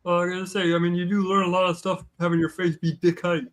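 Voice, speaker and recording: A man's voice: high voice, flat delivery, quick pace, a bit bright. A man playing a tabletop game in character, making wry, offhand remarks. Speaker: player.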